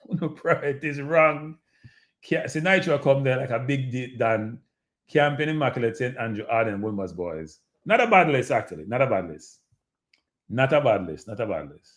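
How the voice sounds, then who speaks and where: Jamaican man talking straight to his audience. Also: mid-range voice. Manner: animated, repetitive, addresses audience as people. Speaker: show host. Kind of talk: casual live-stream commentary.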